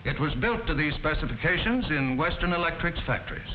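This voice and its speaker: An actor as a phone company presenter in a 1940s film, addressing viewers in a formal, upbeat way. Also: male voice, fairly high pitch, animated, brisk, lightly acted. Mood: earnest. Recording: dull, slightly hissy old film audio.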